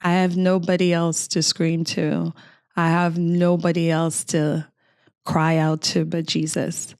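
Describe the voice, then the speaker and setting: A middle-aged woman from Cameroon tells a personal story with earnest, emotional weight. Her voice sits on the low side and moves in a narrow, level band, delivered at an unhurried pace. The sound is smooth and clear, recorded close and dry. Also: monotone, a little mellow, no echo. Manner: earnest, emotional recounting of a frightening memory. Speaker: podcast guest.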